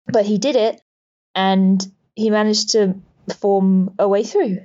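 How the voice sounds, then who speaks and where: A woman's voice: medium pitch, fairly even intonation, takes it slowly, mellow, muffled recording. A woman, a podcast co-host, recounting a dream on a voice memo, rambling with many fillers. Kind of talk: recorded dream account.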